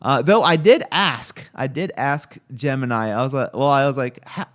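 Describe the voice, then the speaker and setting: A man talks casually on a live stream and wanders between thoughts. He stops often to search for words or to check his screen and the chat. His voice is smooth and clear, at an ordinary pitch. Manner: rambling, halting, many fillers and restarts; reads chat and looks things up on screen while talking.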